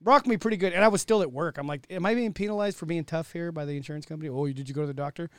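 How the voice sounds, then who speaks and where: A man chats casually, swearing freely and bursting into loud exclamations as he tells stories. The recording is dry and close, with no room sound around him. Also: fairly high pitch, racing, clear, resonant tone, no echo. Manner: profane, animated storytelling with loud outbursts. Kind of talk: casual chat.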